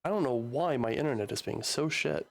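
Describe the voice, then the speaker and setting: A man running a tabletop game as game master, narrating in a casual, halting way with many restarts. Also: mid-range voice, vocal fry. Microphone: home streaming mic.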